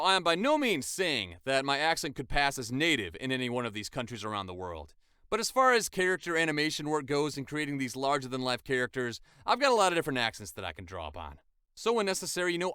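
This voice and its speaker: Lively-voiced young voice actor. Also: male voice, mid-range voice, clear, resonant tone, no echo, clean studio sound. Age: 20s. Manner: enthusiastic, chatty, with casual fillers. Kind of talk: casual vlog.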